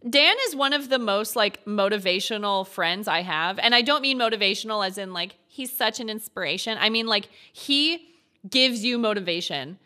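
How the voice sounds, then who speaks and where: A woman's voice: medium pitch, expressive, normal speed, pushed and bright. A young woman streamer chatting casually with her viewers, gushing and giggly, with lots of filler words.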